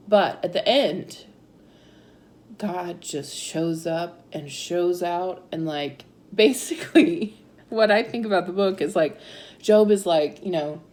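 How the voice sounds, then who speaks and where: A woman's voice: fairly low pitch, takes it slowly, a little mellow. A woman in her thirties telling her personal story in a chatty way, full of fillers and frequent laughs. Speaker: interviewee sharing her story.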